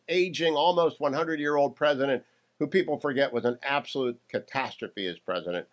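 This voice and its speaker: Guy hosting talk radio, emphatic and punchy, mid pitch, jumps around fast. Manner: emphatic, animated, quick promo asides. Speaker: radio talk show host. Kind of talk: conservative talk radio interview.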